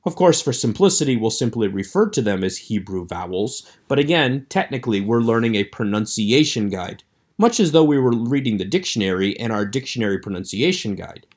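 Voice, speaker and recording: A man teaching a recorded online lecture with a measured, explanatory delivery. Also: on the low side.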